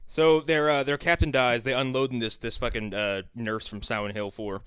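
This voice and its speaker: A man's voice: mid-range voice, level tone, moderate pace, a bit bright, clear, resonant tone, dry recording. A man co-hosting a podcast, recapping a movie plot in casual, profane chat and laughing often. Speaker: podcast co-host.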